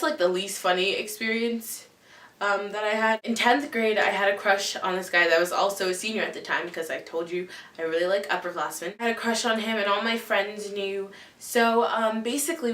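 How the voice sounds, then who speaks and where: A woman's voice: mid-range voice, fairly bright tone, recorded from a distance. A girl in her late teens, vlogging casual stories to camera in a rambling way, full of "like" and "um". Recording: echoey room, mic set back.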